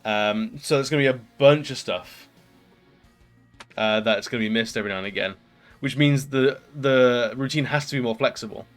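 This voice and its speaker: A man's voice: medium pitch, normal speed, faint music behind. A British man live streaming, chatting casually with viewers and rambling with lots of ums and likes.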